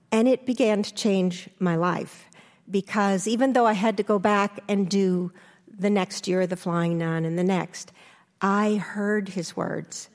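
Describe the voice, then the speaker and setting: An older woman, an interview guest, telling her story candidly and acting out remembered lines with lively restarts. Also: unhurried, big-room sound. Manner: animated, restarts, acts out quotes with rising pitch.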